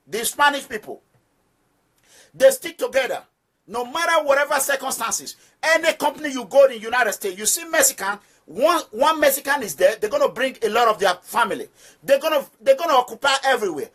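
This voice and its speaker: A man's voice: extremely high pitch, expressive, a little fast, a bit bright. A man with a Nigerian accent, leading an activist movement and giving emphatic political commentary straight to his listeners, repeating phrases for stress. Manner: preaching address to listeners. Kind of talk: direct-address political commentary.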